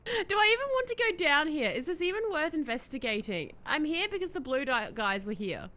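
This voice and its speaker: A woman streaming a game, possibly, chatting excitedly and answering her chat as she plays. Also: sits high, normal speed. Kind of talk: live-stream gameplay chat.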